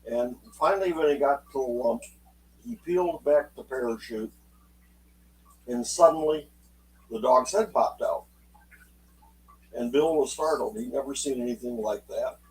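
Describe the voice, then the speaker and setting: Slow-talking man telling a story from afar. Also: medium pitch, darkish tone, far from the mic, low-quality recording. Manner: unhurried, folksy, acts out quotes in dialogue. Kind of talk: spoken oral storytelling.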